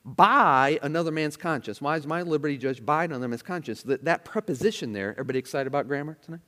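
A man preaching a sermon with expressive emphasis, acting out the attitudes he quotes and adding chatty asides to his listeners. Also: medium pitch, rapid-fire, long reverb tail. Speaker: pastor.

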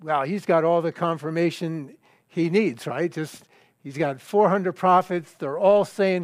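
An older man preaching a sermon, reading scripture and telling a story in a halting, conversational way with fillers and restarts. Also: a little high, no room sound, studio quality.

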